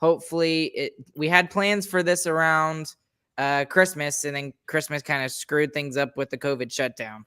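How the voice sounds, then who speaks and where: A man's voice: on the high side, fairly even intonation, moderate pace, bright, forceful tone, smooth. A man hosting a sports podcast, talking in an upbeat, chatty way and wrapping up the show. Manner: upbeat, chatty, pleading jokingly. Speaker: podcast host. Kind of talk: casual sports chat.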